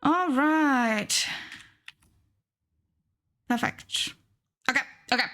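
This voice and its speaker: A woman streaming live and chatting casually with her viewers, repeating herself and gushing in high squeals. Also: takes it slowly, long pauses, fairly bright tone.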